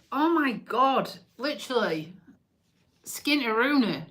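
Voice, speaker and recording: A woman chats loosely to her live-stream viewers, joking and swearing as she goes. Her voice sits fairly high and comes across bright and forceful, and she talks at a slow, unhurried pace. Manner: chatty, joking, swears casually. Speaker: livestream host. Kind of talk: casual live-stream chat.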